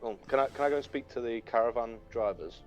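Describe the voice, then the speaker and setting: A man's voice: medium pitch, fast talker, darkish tone, muffled recording, soft background music. A man playing in a tabletop role-play, eager and persuasive, often talking in character. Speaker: player.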